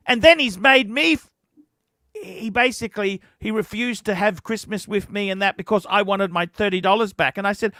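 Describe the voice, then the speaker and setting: A man's voice: high voice, moderate pace, sharp tone, no room sound, studio quality. A man hosting a livestream, telling a heated, profane story in a ranting chat. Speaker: livestream host.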